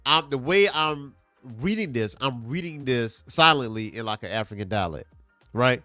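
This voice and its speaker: Animated man reviewing comics, lively pitch. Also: moderate pace, no room sound, faint music behind. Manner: animated, emphatic, repeats points for effect. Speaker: comic book show host. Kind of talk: casual comic book review.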